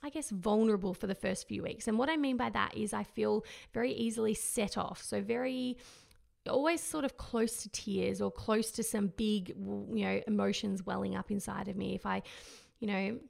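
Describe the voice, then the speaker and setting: A woman in her thirties, a mother, talking candidly and reflectively in a casual personal monologue, with fillers and soft laughs along the way. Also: mid-range voice, steady tone, normal speed, vocal fry. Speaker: mother sharing her postpartum experience.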